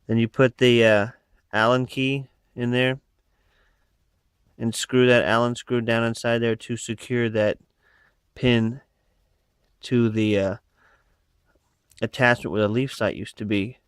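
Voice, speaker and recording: A man's voice: mid-range voice, flat delivery, takes it slowly, long pauses, smooth, no echo, studio quality. A man casually showing off his rifle add-ons, rambling with lots of fillers, filmed on a phone. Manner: rambling, many fillers and asides. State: out of breath. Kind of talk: casual show-and-tell. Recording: phone recording.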